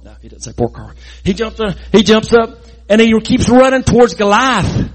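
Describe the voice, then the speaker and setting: A man telling a Bible story in a lively, folksy way, adding sound effects and jokes. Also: high-pitched, normal speed.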